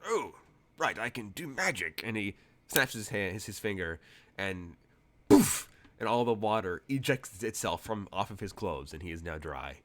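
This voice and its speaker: Chatty game master, low voice. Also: male voice, expressive, moderate pace, fairly bright tone. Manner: loose and chatty, laughs often. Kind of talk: narrating a tabletop game.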